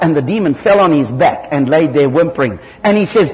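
Animated preacher, pitched a touch high. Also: male voice, brisk, few pauses. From southern Africa. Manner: animated storytelling with sudden loud jumps in pitch. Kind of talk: sermon. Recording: hall reverb.

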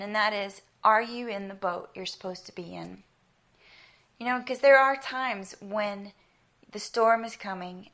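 In a mid-range, fairly bright voice, a middle-aged South African woman with an American accent preaches emphatically and earnestly. Her sermon unfolds through stories from her own life.

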